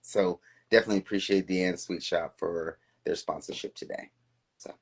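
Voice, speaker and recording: A middle-aged man co-hosts a casual live-stream chat, his low, steady voice slightly rough as he moves at a moderate pace. He sounds reflective and earnest, often questioning himself.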